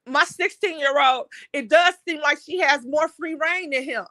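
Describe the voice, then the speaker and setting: High, bright-voiced woman ranting. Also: moderate pace, no echo. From Detroit, USA. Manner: blunt, heated, frequent swearing. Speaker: online talk show host. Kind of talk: impassioned unscripted monologue.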